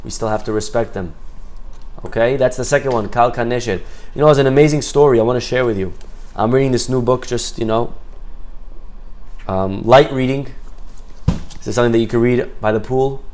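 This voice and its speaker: Man, Torah teacher, lively storytelling, Hebrew phrases mixed in, mid pitch. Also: fairly quick, slight background noise. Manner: lively storyteller, acts out quoted voices.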